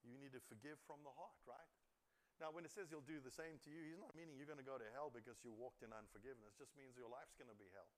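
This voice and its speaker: A man's voice: medium pitch, quick pace. A male pastor preaching a sermon to a congregation, reading scripture and asking the room questions, building to emphatic peaks.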